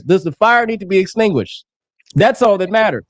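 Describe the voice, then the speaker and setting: A man's voice: high voice, expressive, normal speed, no room sound. A man in his twenties arguing heatedly in a live-streamed debate, aggressive and profane, talking over the others. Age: 20s. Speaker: political commentator.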